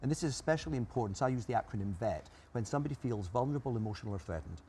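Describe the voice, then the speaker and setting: A man's voice: medium pitch, lively intonation, rapid-fire, dark tone, slight background noise. A man being interviewed as an expert, explaining ideas emphatically and listing his points one by one. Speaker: guest expert. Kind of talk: interview answers.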